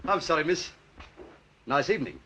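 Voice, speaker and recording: An actor playing a brash, blunt man who keeps a lighthouse and speaks. He talks in a gruff, wisecracking way. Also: on the high side, very animated, normal speed, a bit bright, a little hiss or hum. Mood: brusque. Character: brash cocky male London lighthouse keeper. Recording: muffled 1930s film soundtrack.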